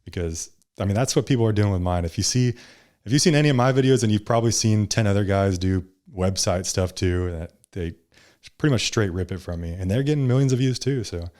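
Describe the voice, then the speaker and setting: A young man talks as a podcast guest in a laid-back, casual way. His voice sits a bit low, and he calls his own delivery monotone. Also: fairly quick. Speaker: podcast guest, social media creator.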